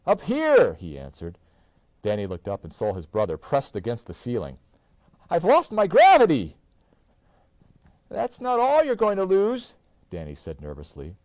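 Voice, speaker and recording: A man reading a children's book aloud to his child, with expressive, animated storytelling. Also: lowish voice, no echo. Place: indoors.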